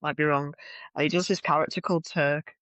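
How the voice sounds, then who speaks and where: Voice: mid-range voice, fairly even intonation, a little fast, fairly bright tone, no echo. A co-host from North West England on a political podcast, chatting casually with dry, sarcastic asides.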